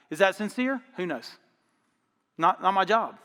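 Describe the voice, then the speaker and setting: A man's voice: on the high side, lively intonation, fast, pushed and bright, long reverb tail. A man preaching a sermon as pastor, telling stories in an emphatic, folksy, conversational way. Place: church auditorium.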